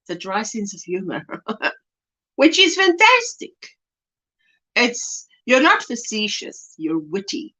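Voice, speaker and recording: A woman's voice: a little high, wildly swooping pitch, slow, pauses often, bright, forceful tone. A woman hosting a casual livestream, chatting and reading out viewer comments with affection. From South Africa. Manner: reads chat comments aloud, chatty and affectionate. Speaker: livestream host. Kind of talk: casual chat. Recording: dull lo-fi stream audio.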